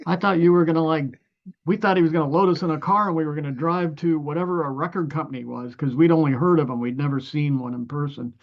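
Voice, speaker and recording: A man's voice: fairly high pitch, fast talker. Older ohio guy rambling thru a story, lots of um and uh, keeps restarting, kinda muffled dull audio. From Ohio, USA. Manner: rambling anecdotes with many restarts and fillers; acts out other people's lines in the story. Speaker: musician guest. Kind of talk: conversational storytelling.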